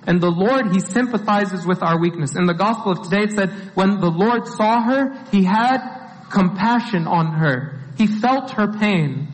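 High-voiced preacher in an echoing church. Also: male voice. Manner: conversational, with many "like" fillers. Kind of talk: sermon. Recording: long hall reverb.

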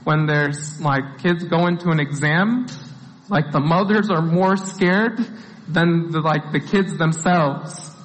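A man's voice: fairly high pitch, takes it slowly. A man preaching a sermon in a conversational way, often filling with "like". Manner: conversational, with many "like" fillers. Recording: long hall reverb.

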